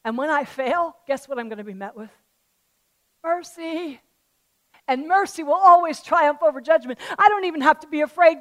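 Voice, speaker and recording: A woman pastor preaching a sermon, swinging between loud fervent declarations and quiet conversational asides, telling a parable in a chatty way. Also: sits high, expressive, moderate pace. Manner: tells a parable in a chatty storytelling way.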